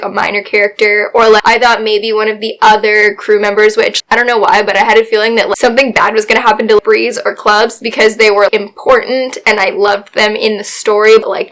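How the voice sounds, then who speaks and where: A young woman talking casually and excitedly about books, full of "like" fillers and quick asides. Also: a little high. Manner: chatty, gushing, lots of "like" fillers. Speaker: book vlogger. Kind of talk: casual book review chat.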